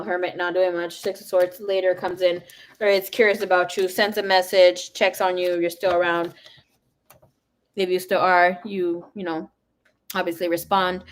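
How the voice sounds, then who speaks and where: A woman's voice: lowish voice, level tone, moderate pace. A young adult woman giving a live tarot reading, talking frankly and swearing freely. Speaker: tarot reader.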